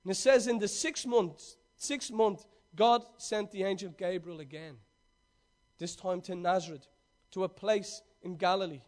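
A man preaching a sermon, reading scripture aloud and then retelling it with swings between loud emphasis and quiet asides. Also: sits high, unhurried.

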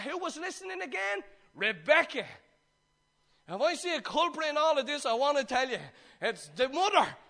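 Irish preacher, high bright voice, animated storytelling, jokes with the crowd. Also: male voice. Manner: animated storytelling, acts out the characters; jokes with the congregation. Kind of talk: sermon.

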